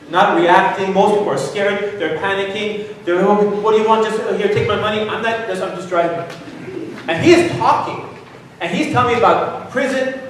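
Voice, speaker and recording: Guy telling a funny story at a conference, high voice, sounds far off in a big echoey hall. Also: a little hiss or hum. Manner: animated, jokey, rises high when excited. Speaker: guest speaker. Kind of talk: humorous personal storytelling talk. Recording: very echoey hall, distant mic.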